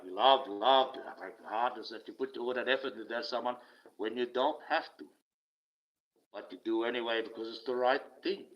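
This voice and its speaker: An older man with an Australian accent, ranting casually and bitterly, swearing often and laughing wryly. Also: medium pitch. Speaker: online streamer. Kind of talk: casual rant. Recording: slightly dull lo-fi audio.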